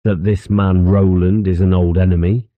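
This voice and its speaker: A man's voice: low voice, little pitch movement, moderate pace, dry recording, phone-quality sound, voice pushed up, lightly acted. A man playing a grave, calculating ship captain who speaks formally in an audiobook.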